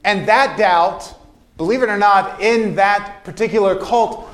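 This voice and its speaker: A man's voice: high voice, unhurried. A man preaching a sermon as pastor in a church sanctuary, earnest and emphatic, repeating key phrases.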